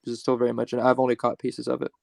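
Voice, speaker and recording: A man's voice: medium pitch, monotone, rapid-fire, vocal fry, a little mellow, no echo. A man appearing as a guest on a livestream, mostly giving short agreeing replies and chatting casually. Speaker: guest, fellow channel host.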